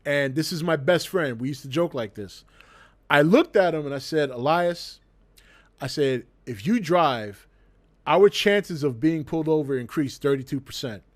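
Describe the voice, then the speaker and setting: A man with a slightly higher voice than most spins a story for his stream chat in a loose, casual way. He breaks into laughter mid-sentence and swears freely, acting out each exchange with lively energy. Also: moderate pace.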